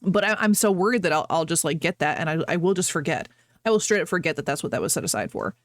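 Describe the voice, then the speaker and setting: A woman's voice: lowish voice, animated, fast. A woman streamer chatting casually with her viewers, rambling, laughing often and breaking off mid-sentence.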